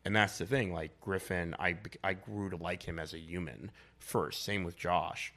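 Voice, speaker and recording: A man's voice: low voice, fairly even intonation, moderate pace, sharp tone. A young man chatting casually as a podcast guest, rambling and blunt, with lots of filler words and swearing. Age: young adult.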